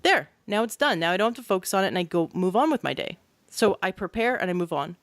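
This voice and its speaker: A woman hosting a podcast, explaining and telling stories in an animated, conversational way, with many casual fillers. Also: medium pitch, fast talker, no room sound. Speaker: podcast host.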